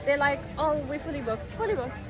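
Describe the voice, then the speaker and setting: A woman vlogging casually, telling a story in an animated, exasperated way. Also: high voice, brisk, music in the background. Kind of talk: casual vlog. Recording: street crowd noise behind.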